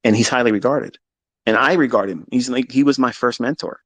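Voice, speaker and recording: A man's voice: medium pitch, brisk, a bit bright, no room sound. Middle-aged guy swearing a lot, preachy trading mentor, dry close sound. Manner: blunt, profane, passionate, preachy. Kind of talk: unscripted live audio talk.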